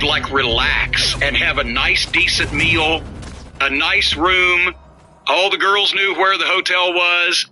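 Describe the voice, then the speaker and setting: A middle-aged man with a high, very sharp, cutting voice tells old stories in a casual podcast chat. He is blunt and mocking, and he swears freely as he tears into his subject. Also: slight background noise, poor audio. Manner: blunt, profane, mocking storyteller. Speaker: podcast host, former wrestling worker.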